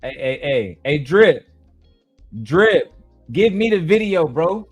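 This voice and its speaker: A man's voice: fairly high pitch, lively intonation, slow, no room sound, soft background music. A male host giving crude, mocking commentary in blunt slang while reacting to clips.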